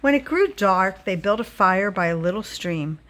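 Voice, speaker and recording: A woman reading a children's picture book aloud, with expressive storytelling delivery. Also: mid-range voice, normal speed.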